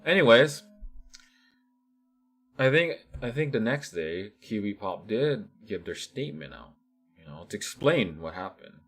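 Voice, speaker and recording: Male vlogger, deep-pitched, animated rambling commentary. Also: unhurried, long pauses, husky. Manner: animated, rambling, many restarts and fillers. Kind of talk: casual ranting commentary.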